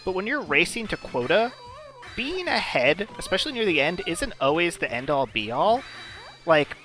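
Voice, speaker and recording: A man's voice: high voice, sing-song, normal speed, sharp tone. Male co-caster, casual and explanatory, faint music underneath. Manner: chatty, explanatory, filler-heavy. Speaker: commentator. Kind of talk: casual esports commentary.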